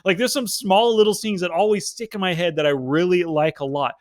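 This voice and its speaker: High-pitched chatty man, dry sound. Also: dry recording. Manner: chatty, enthusiastic, quick to laugh. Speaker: podcast co-host. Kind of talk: casual movie review chat.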